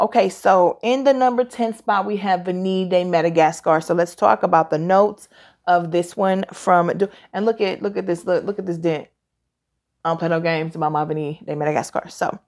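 A tired, chatty woman in her forties who talks fast and gives opinionated reviews in a casual vlog. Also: mid-range voice. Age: 40s. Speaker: fragrance reviewer.

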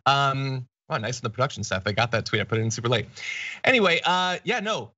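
A man hosting an online political talk show, mocking quotes with deadpan sarcasm. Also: a little high, a little fast, lo-fi sound. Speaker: show host.

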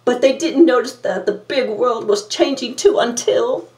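A woman with a fairly high, darkish, natural voice reads a storybook at a measured pace, playing a vain, glamorous villainess in a campy, theatrical, self-admiring way. The recording is roomy and captured from a distance.

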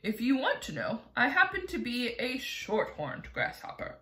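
Storybook: woman as proud old male grasshopper, lively, echoey room. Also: fairly high pitch, normal speed, full character voice. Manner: gentle, proud, lecturing. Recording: roomy echo.

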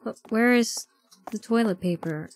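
A woman's voice: fairly high pitch, unhurried, a little hiss or hum. A young woman streaming a game, talking to herself in a panic and repeating the same words over and over. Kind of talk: live gameplay commentary.

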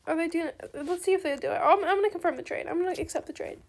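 A young woman giving chatty, excitable commentary on her own game trades, talking straight to her viewers. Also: very high voice, quick pace. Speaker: gaming video creator. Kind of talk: casual gameplay commentary.

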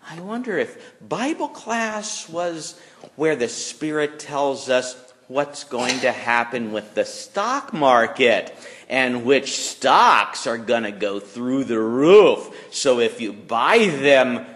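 A male pastor gives a chapel sermon for young children. His voice leaps and dips expressively as he teases and acts out little scenes. The sound carries a long reverb from the chapel. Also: mid-range voice. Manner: animated, playful voices for the kids. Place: school chapel.

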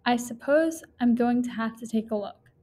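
A timid male dentist, scared stiff, pleading and panicky, the voice pushed high, as a woman reading a poem puts him on. It is a light storybook voice, brighter and higher than the narration. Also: normal speed, lightly acted. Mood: nervous. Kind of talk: poem read aloud.

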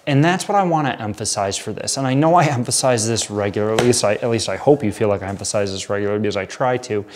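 A man's voice: medium pitch, a little mellow. A man leading a midweek Bible study as pastor, talking in an earnest, conversational way and reading scripture aloud before rephrasing it.

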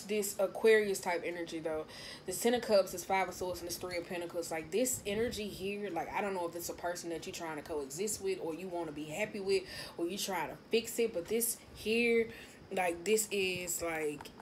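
A woman's voice: lowish voice, moderate pace, darkish tone. Profane, irritated woman reading tarot. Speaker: tarot reader. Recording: noisy home recording.

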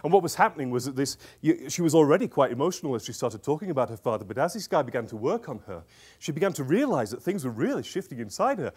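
Lively male coach talking to an audience. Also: medium pitch, quick pace, slightly rough. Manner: lively, conversational, checks in with "yeah?". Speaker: author and executive coach. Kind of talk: storytelling talk to a live audience.

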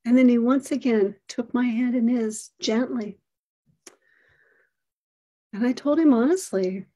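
A middle-aged woman giving an earnest, expressive storytelling talk, acting out the lines of the people in it. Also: on the high side, unhurried, pauses often.

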